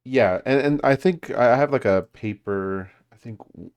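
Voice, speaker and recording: A man's voice: medium pitch, unhurried, a little mellow, smooth. A man leading a language study group, explaining grammar casually with many fillers and restarts. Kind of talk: casual teaching over a call.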